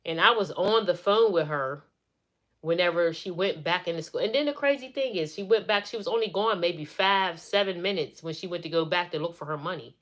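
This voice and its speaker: A woman's voice: fairly low pitch, a little fast, fairly bright tone. A middle-aged woman chatting on a live stream, venting as she retells family drama in a casual way.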